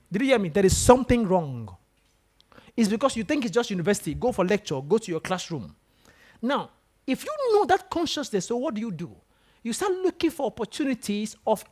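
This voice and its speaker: A man giving a motivational talk to students in a lecture room, storytelling and firing questions at the audience. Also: very high-pitched. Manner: animated, asks the room questions. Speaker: guest speaker.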